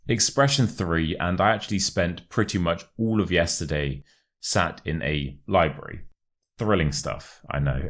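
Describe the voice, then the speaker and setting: A young British man speaks in modern RP with a notably low, deep voice. He explains English expressions in an online lesson and slowly repeats phrases to model their pronunciation. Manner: clear, carefully modelled pronunciation, friendly explaining. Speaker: English teacher.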